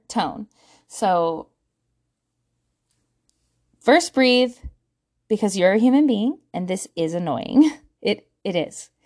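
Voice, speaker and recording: A woman in her thirties, chatting casually to camera as a parenting vlogger, self-mocking and laughing often. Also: medium pitch.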